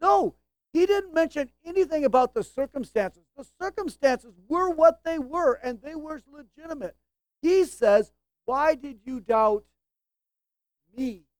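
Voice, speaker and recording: A woman's voice: high-pitched, lively intonation, moderate pace, a little mellow, no echo. A woman preaching a sermon in a conversational way, with humorous asides and rhetorical questions to her listeners.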